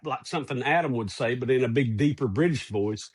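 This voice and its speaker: A middle-aged man co-hosting a casual podcast, telling a personal story in an animated way. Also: mid-range voice, a little fast, few pauses, slightly rough. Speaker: podcast co-host.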